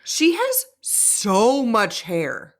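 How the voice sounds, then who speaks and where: Drawing out her words in a voice on the high side, a woman co-hosts a podcast recapping reality TV. She keeps it chatty and animated, with frequent laughter and lots of "like."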